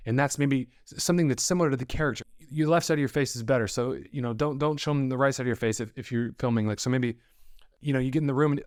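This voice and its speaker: A man's voice: mid-range voice, quick pace, a little mellow, dry recording, studio quality. A young man, an actor sharing his experiences in a rambling, self-deprecating podcast monologue, acting out bits of dialogue.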